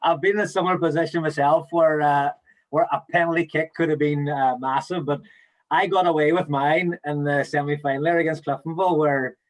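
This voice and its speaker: Teasing man, fairly high voice. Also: steady tone, fairly quick. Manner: short teasing interjections. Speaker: podcast co-host. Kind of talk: casual interview banter.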